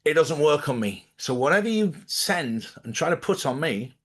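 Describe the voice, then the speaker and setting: A man's voice: on the high side, animated, moderate pace, few pauses. A man hosting a live stream, talking casually to camera in a defiant, rambling way with sudden emphatic rises. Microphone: camera mic.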